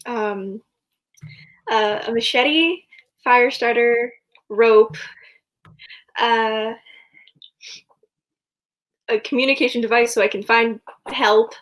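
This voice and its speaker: A woman's voice: fairly high pitch, slow, long pauses. A young woman guest on a video podcast, answering casually and hesitantly with many ums. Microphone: video call.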